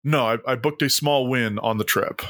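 A man co-hosting a podcast, chatting casually and telling animated stories with frequent laughs. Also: mid-range voice, moderate pace, no room sound, clean studio sound. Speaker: podcast co-host. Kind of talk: casual chat.

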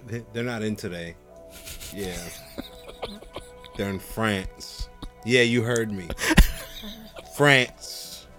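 A man co-hosting a podcast in relaxed, joking chat. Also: on the low side, extremely slow, pauses often, over music. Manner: laid-back, joking, chuckles between lines. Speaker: podcast co-host.

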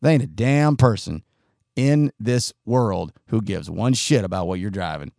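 Man, blunt profane rant, pitch swinging up and down, dry close sound. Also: expressive, a little slow, vocal fry, a little mellow, no room sound. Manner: blunt, profane and ranting, acts out angry drivers. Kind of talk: opinionated monologue.

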